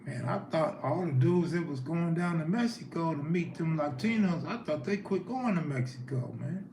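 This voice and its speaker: With a fairly high, darkish voice and lively intonation at a normal speed, a man hosts a casual stream. He talks loosely, replying to chat as it comes, and faint noise and echo surround him.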